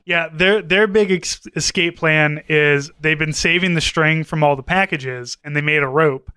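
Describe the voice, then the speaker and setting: A man's voice: fairly high pitch, moderate pace, sharp tone, smooth, dry recording. A man co-hosting a podcast, casually rambling through a story, full of fillers, quoting characters and swearing. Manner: rambling, retells scenes with quoted voices, swears. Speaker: podcast co-host. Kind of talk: casual chat.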